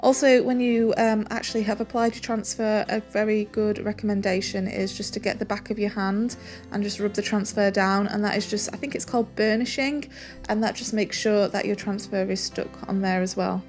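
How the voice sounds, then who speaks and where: A woman narrating a furniture painting tutorial, relaxed and chatty, with soft music behind. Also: medium pitch, normal speed. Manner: relaxed, chatty, says "um" and "really, really" often. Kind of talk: step-by-step painting tutorial voice-over.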